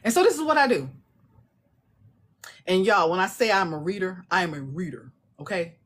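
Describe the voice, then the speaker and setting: A woman's voice: on the low side, lively intonation, normal speed. A woman, an indie author, chatting casually and animatedly, acting out voices with laughter and salty language. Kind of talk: casual chat.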